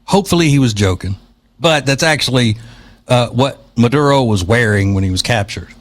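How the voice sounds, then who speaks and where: A man's voice: medium pitch, lively intonation, a little fast. A man hosting an opinion podcast, talking in a sarcastic, mocking way. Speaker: podcast host. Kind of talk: opinion commentary.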